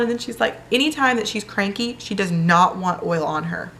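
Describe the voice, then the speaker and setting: A woman's voice: fairly high pitch, fairly quick, creaky, a bit bright, a little hiss or hum. A young woman chatting in a casual vlog, telling a personal story with lots of fillers. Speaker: vlogger.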